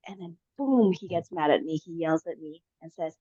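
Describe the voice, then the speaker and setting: A woman recounting a personal story in a casual, rambling way, full of fillers and restarts. Her voice sits on the low side, and the recording is dry with a dull, slightly lo-fi sound. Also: moderate pace, hardly any pauses, dark tone, dry recording. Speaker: podcast guest. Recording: dull lo-fi audio.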